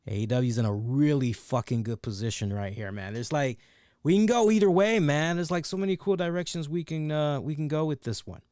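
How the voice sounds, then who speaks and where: A man hosting a wrestling review show, talking in a casual, animated and profane way and laughing at his own jokes. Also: mid-range voice, a little fast, few pauses, smooth, no echo, clean studio sound. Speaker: wrestling review podcast host. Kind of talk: casual excited chat.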